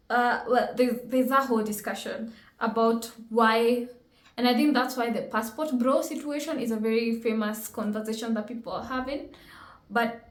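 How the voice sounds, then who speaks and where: A woman's voice: on the high side, a bit bright, reverberant. A woman from Kenya hosting a reaction video, chatting animatedly and laughing often. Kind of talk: casual reaction commentary.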